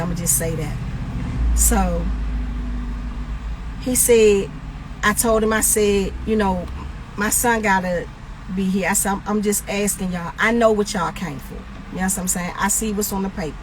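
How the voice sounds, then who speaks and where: A middle-aged woman telling a story on a livestream in a blunt, profane, animated way, acting out what everyone said. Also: mid-range voice, slight background noise, poor audio. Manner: blunt, profane, animated retelling with quoted dialogue.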